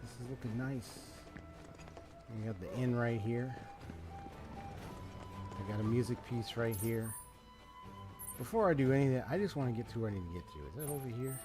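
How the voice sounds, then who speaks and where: A male gaming creator narrates his playthrough in an easygoing, chatty way. He leans on slang and laughs often. His voice sits at an ordinary pitch, with clear game music playing behind it. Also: animated, moderate pace, pauses often. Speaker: gaming YouTuber. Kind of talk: casual let's-play commentary.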